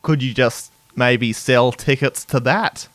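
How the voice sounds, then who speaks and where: A man hosting a comedy podcast, playing a deadpan, mock-serious interviewer. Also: medium pitch, takes it slowly, no echo. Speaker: podcast host. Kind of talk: casual comedy chat.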